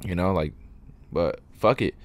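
A young man with a fairly low voice talks in a loose, rambling way, peppered with swearing. He chats casually as the host of a homemade podcast. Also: measured pace. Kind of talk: casual chat. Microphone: live stream setup.

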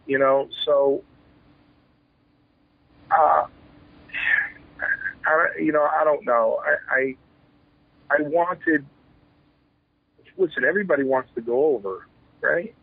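A man's voice: a little high, takes it slowly, vocal fry, pauses often, breathy edge, no echo. A man in his forties, a retired pro wrestler, telling candid stories in an interview. He speaks with animation, acts out old exchanges, and often restarts his sentences. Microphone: telephone. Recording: tinny phone line.

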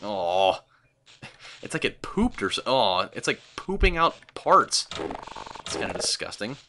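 Sarcastic, excitable young man gaming. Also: fairly low pitch, unhurried, heavy background noise. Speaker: let's play host. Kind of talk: gameplay commentary.

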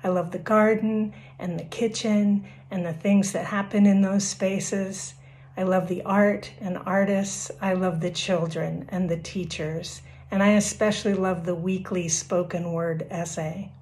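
A woman's voice: mid-range voice, fairly even intonation, unhurried, darkish tone. A woman sharing a sincere personal statement about why she gives to her church. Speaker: church member. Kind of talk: personal giving testimony.

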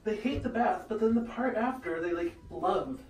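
A young man vlogging at home, talking to camera in an excitable way, laughing and yelping as he goes. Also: sits high, normal speed. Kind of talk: casual chat to camera. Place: bathroom at home. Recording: echoey bathroom.

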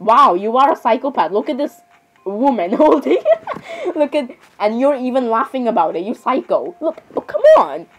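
A woman's voice: fairly high pitch, expressive, normal speed, soft background music, rough recording. A young woman in cosplay, rambling and bantering back and forth as she switches between characters. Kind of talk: cosplay skit reacting to videos.

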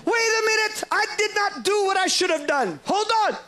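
A preacher voicing men in a congregation who call out urgently to interrupt a prayer. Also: male voice, extremely high pitch, animated, normal speed, bright, forceful tone, voice pushed up, exaggerated voice. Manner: calling out urgently.

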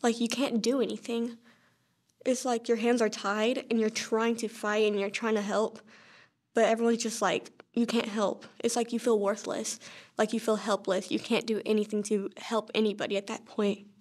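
A young woman, a grieving sister, speaking quietly and subdued in a documentary interview, often saying "like". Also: a little high, level tone, normal speed.

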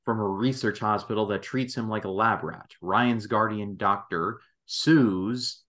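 A man's voice: fairly low pitch, steady tone, a little slow, a bit bright. A man hosting a casual podcast chat, rambling and correcting himself. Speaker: podcast host.

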